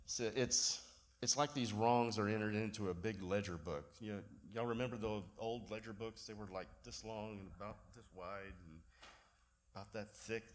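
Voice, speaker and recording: A pastor, giving a sermon in a relaxed storytelling way with self-deprecating humor. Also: male voice, lowish voice, a little hiss or hum.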